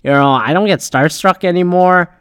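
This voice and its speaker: A man's voice: high voice, normal speed, fairly bright tone, clean tone, no room sound, clean studio sound. A young man telling a story in a rambling, casual way, swearing often and filling gaps with "uh" and "like.". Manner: rambling, heavy swearing, frequent fillers.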